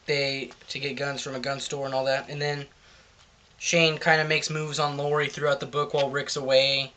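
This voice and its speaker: A man's voice: medium pitch, little pitch movement, moderate pace, pushed and bright. A man reviewing a comic book in casual chat, rambling loosely through the plot.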